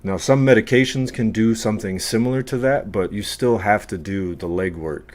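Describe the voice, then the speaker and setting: Deep-voiced blunt man, profane chat. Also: moderate pace. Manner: blunt, profane, animated storytelling. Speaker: podcast co-host, veteran. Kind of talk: casual group chat.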